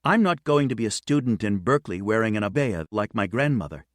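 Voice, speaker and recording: A man's voice: medium pitch, moderate pace, slightly rough, no echo, clean studio sound, natural voice. A man voicing a firm young woman. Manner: quiet and firm.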